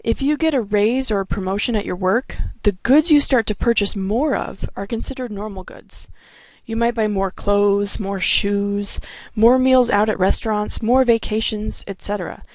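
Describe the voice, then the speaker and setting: A woman, explaining economics concepts in a recorded lecture, clear and methodical with occasional restarts. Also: mid-range voice, moderate pace, a little mellow, no echo. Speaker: economics instructor.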